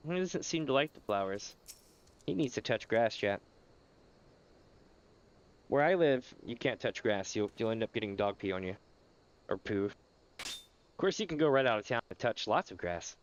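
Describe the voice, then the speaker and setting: A man's voice: mid-range voice, animated, brisk, pauses often, faint music behind. A gaming streamer chatting casually to his chat and laughing often. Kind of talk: casual live-stream commentary.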